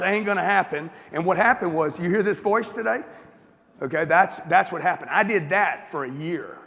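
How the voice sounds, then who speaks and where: A man's voice: high-pitched, fairly quick, vocal fry, a bit bright. A man from the United States giving a blunt, profane motivational talk to a live audience in a large hall, rousing the crowd with questions. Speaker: motivational speaker. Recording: long reverb of a large hall.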